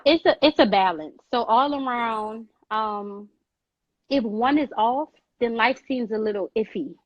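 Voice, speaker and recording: On a live video call, a woman gives emphatic, preachy advice in an animated way, repeating phrases and calling the listener "girl." Her voice is a little high at a measured pace, and the audio is lo-fi.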